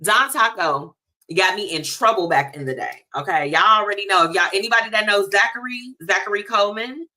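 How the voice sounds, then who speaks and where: A woman hosting a radio talk show, chatting in a lively, casual way and speaking straight to her listeners. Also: medium pitch, a little fast. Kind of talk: casual chat segment.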